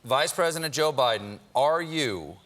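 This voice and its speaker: A man's voice: medium pitch, lively intonation, unhurried, a bit bright. A man hosting a talk show, playful and showman-like as he questions his guest.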